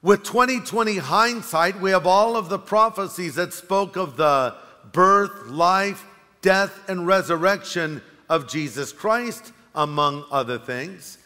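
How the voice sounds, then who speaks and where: A man's voice: fairly high pitch, sharp tone. A middle-aged male pastor giving a sermon, telling stories and joking wryly with the congregation. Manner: storytelling, wry, addresses the congregation. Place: large church hall. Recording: long hall reverb.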